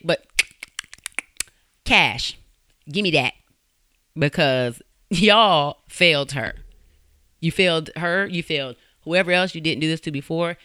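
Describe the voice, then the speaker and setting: A woman's voice: sits low, sharp tone, smooth, no echo, clean studio sound. A woman hosting a true-crime podcast, talking casually in a fiery, blunt, profane way with laughing asides. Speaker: podcast host.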